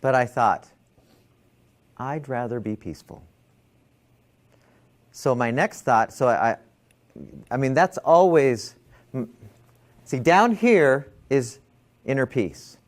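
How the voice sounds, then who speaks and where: A man's voice: medium pitch, animated, takes it slowly, long pauses. A man lecturing a class, telling a personal story and acting out his own thoughts.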